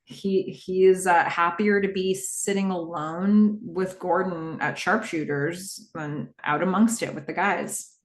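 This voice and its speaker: A woman hosting a podcast, recapping a TV episode in a casual, animated way and quickly acting out the characters' lines. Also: fairly low pitch, reverberant. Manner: animated retelling with quick quoted voices of characters.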